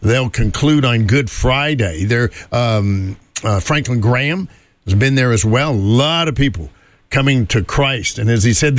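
A man's voice: mid-range voice, no room sound. A man hosting a morning show, chatting casually and rambling with fillers and chuckles. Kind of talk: casual radio chat.

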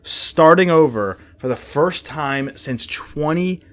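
A man's voice: fairly high pitch, lively intonation, slow pace, a bit bright. A man co-hosting a podcast, chatting casually and rambling, laughing easily. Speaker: podcast co-host. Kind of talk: casual chat.

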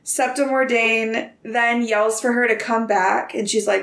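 A woman's voice: on the high side, fairly even intonation, a little slow, vocal fry, fairly bright tone. A woman casually retelling a book chapter for a podcast, chatty with many fillers. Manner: chatty, many ums and likes. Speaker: podcast host summarizing a book.

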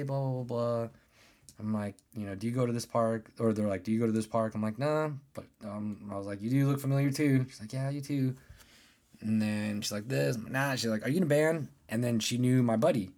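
A man in his thirties with a deep voice, hosting a casual podcast monologue and telling loose, profane stories about his days. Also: darkish tone. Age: 30s. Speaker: podcast host.

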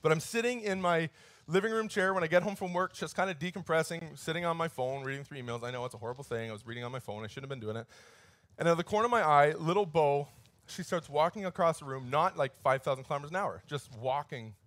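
A man's voice: a little high, animated, fast talker, a bit bright, dry recording. A male pastor preaching a sermon in a conversational, storytelling way, his voice lifting and pushing harder on key points.

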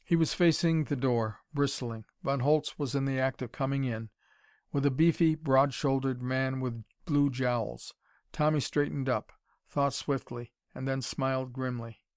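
A man's voice: mid-range voice, steady tone, measured pace, clear, resonant tone, no room sound. Man narrating a story, dry close voice. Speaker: audiobook reader. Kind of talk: scripted narration.

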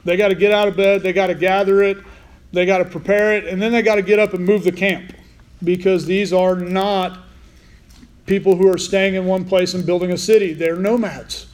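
A man with a high voice preaches a casual, conversational Bible sermon at a normal speed and in a steady tone. His manner is informal, and he keeps asking his listeners questions as he goes.

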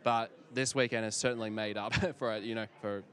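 A man's voice: fairly low pitch, fairly even intonation, brisk, a bit bright. A man interviewing guests outdoors at a fan convention, talking casually with many fillers and restarts. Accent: non-local accent.

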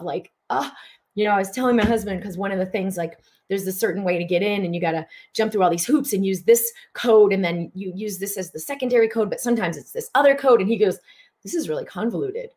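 A middle-aged woman speaking a little fast in a mid-range voice gives a spiritual coaching talk as host of a live broadcast. She's animated, with breathy exclamations throughout.

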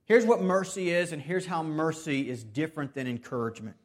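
A man preaching a sermon earnestly, with restarts and repeated phrases, swinging between loud emphasis and soft, hushed stretches. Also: fairly high pitch, a little fast. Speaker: pastor.

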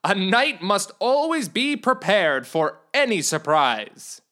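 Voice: mid-range voice, big pitch swings, slow pace, fairly bright tone. A storyteller voicing a boastful, oblivious young male knight in a comedy storybook, declaiming each line grandly and stretching out the words. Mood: grandiose. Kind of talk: storybook reading.

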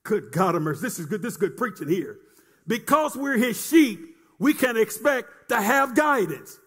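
A man's voice: high-pitched, very animated, moderate pace, fairly bright tone, husky. A man preaching a sermon in a chanting, sing-song cadence, repeating phrases and calling on the congregation to answer.

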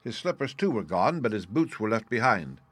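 A man with a low voice reads a classic story aloud in the first person, steady and formal. The sound is close and dry, with no room around it. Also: moderate pace, husky, no echo. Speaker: audiobook narrator.

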